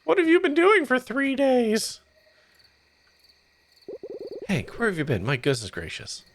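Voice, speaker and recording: A man's voice: extremely high pitch, wildly swooping pitch, measured pace, fairly bright tone, slight background noise, pitched above the performer's own voice, exaggerated voice. A man voicing a doting, scolding mother bear in a video game. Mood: fretting. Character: fussy, worried mother bear.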